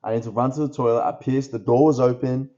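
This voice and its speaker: A man's voice: medium pitch, fairly even intonation, fast talker, dark tone. A young Australian man co-hosting a podcast, brash and casual, swearing and calling his friend bro. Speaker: podcast co-host. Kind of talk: casual chat. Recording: dull lo-fi podcast audio.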